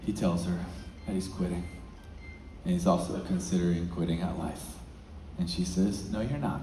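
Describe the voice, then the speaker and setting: A man's voice: mid-range voice, slight background noise. A man telling a story in an echoey hall. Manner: swings from hushed to loud and excited while telling a story. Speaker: featured speaker. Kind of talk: motivational storytelling speech. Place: large event hall.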